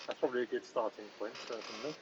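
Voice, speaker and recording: A man's voice: medium pitch, quick pace, noisy background. A man hosting a comedic podcast in the role of a mock judge, speaking in a mock-stern, bossy and dry way. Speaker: host playing a mock judge.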